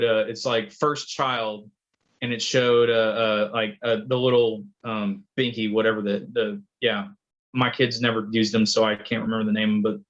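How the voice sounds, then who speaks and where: A man on a podcast, chatting casually as a father and telling long rambling stories, acting out the quotes. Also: medium pitch. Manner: rambling storyteller, acts out quotes. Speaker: podcast co-host. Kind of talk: casual chat. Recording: dull lo-fi sound.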